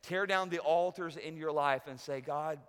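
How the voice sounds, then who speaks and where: A male pastor preaching a sermon, swinging from loud urgent peaks to hushed lows. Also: moderate pace, clear, resonant tone. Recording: long reverb of a large hall.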